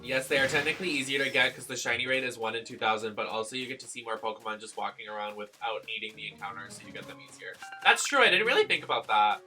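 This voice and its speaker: A man from Boston with a Boston accent, chatting casually while streaming a game, greeting viewers and breaking into loud excited exclamations. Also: mid-range voice, quick pace, few pauses, faint music behind.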